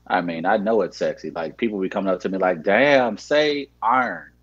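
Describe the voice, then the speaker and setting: A man with a St. Louis accent, bantering on a comedy show with deadpan, boastful storytelling. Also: low-pitched, fast, slightly rough, lo-fi sound.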